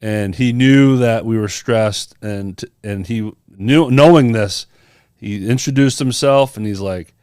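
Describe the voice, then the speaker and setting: A man's voice: lowish voice, a little slow, a little mellow, no echo, clean studio sound. A man on a podcast telling a personal story in casual chat, acting out the people he quotes. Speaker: podcast co-host.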